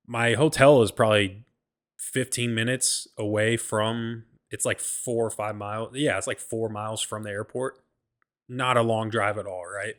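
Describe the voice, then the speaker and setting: A man's voice: fairly low pitch, fairly bright tone. A man hosting his own show, telling a travel story in a casual, slangy, profane way. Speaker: podcast host.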